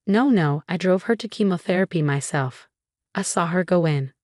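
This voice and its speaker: A woman with a lowish, darkish voice that sounds close to everyday speech reads the part of a distraught middle-aged mother at normal speed. Her delivery moves from indignant to pleading, captured in a dry, clean studio recording.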